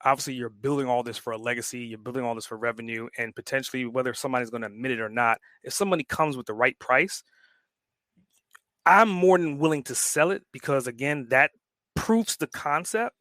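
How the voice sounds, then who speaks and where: A man talking on a podcast as an entrepreneur guest, emphatic and blunt, swearing freely and picking up speed when excited. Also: medium pitch, brisk, no room sound. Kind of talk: casual podcast conversation.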